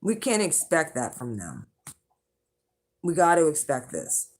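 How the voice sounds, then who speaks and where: A woman with a fairly low-pitched voice tells a rambling, chatty story to her viewers. She swears freely, restarts her sentences and laughs along the way. Her delivery is loose and conversational. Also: wildly swooping pitch, unhurried. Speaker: channel host, intuitive reader. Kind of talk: casual storytelling to the camera.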